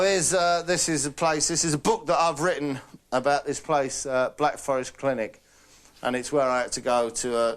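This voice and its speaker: Male comic host, rambling deadpan patter, slightly high-pitched. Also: slight background noise. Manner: rambling, chatty, frequent fillers and "right?". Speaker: comedy host. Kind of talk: deadpan comic monologue in character.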